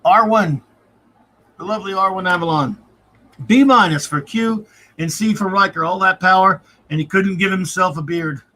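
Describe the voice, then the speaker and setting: A man's voice: high-pitched, normal speed, sharp tone. A man hosting a casual live-stream review, reading out viewer comments and grades and chuckling often. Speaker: podcast host.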